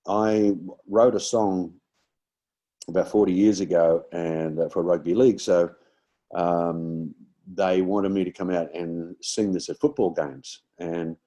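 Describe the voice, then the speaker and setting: A low, mellow voice belongs to an Australian-accented guest comedian in his sixties. In a casual chat he tells rambling stories, full of fillers and restarts.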